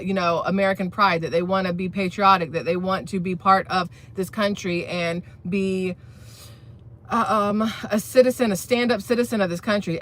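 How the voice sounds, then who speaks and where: Blunt, bright-voiced commentary vlogger. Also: medium pitch. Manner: blunt, opinionated, talks to viewers directly; rambling with fillers and restarts. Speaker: channel host. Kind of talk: casual political commentary vlog.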